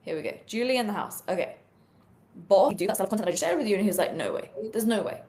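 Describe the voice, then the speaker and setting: A woman's voice: mid-range voice, very fast. A young woman with a British accent, chatting live to an online audience. She talks energetically and casually, full of "you know" and "like", as a social media sales coach. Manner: energetic, chatty, peppered with fillers. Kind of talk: live-stream talk to viewers.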